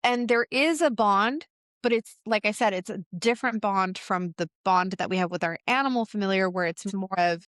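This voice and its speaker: Animated woman podcast host, dry sound. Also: medium pitch, moderate pace, dry recording. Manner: animated storyteller, acts out quotes, laughs often. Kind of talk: casual spiritual podcast chat.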